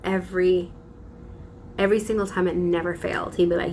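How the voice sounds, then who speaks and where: A woman's voice: on the low side, little pitch movement, fast talker, darkish tone, a little hiss or hum. A young woman vlogging casually, telling a story with dramatic emphasis and frequent laughs.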